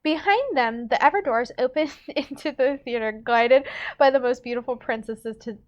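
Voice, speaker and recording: Young woman, fairly high voice, casual read-aloud, drawn-out emphatic dialogue, chatty. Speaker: teacher and book-club co-host reading aloud.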